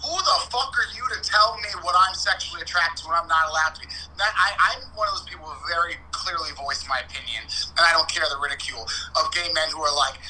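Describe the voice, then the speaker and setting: A man's voice: fairly high pitch, quick pace, hardly any pauses, pushed and bright, a little hiss or hum, poor audio. A man co-hosting a casual podcast chat, blunt, profane and theatrical, swinging between outrage and jokes. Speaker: podcast co-host.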